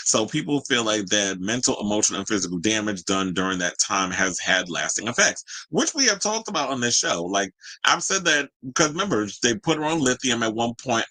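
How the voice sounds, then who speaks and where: A man hosting a celebrity gossip show, talking in a sassy, animated way with slangy asides. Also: on the low side, no echo, low-quality recording. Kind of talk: casual gossip commentary. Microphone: home streaming mic.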